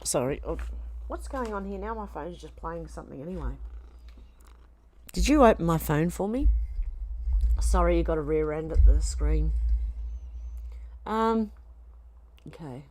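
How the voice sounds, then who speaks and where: A woman's voice: on the low side, animated, measured pace, pauses often, mellow. An Australian woman on a casual home live stream, reading chat comments aloud and chiding her cat between them.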